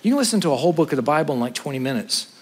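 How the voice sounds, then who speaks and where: A man, a pastor preaching an earnest sermon to his congregation, trading quick asides for slow, stressed points. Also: on the high side, big pitch swings, long reverb tail. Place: church sanctuary.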